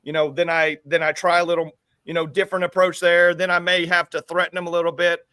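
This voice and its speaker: Bright high-voiced man, rambling. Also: level tone, quick pace, no room sound. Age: adult with school-age kids. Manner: rambling, repeats words while thinking. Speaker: show co-host. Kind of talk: casual talk-show chat.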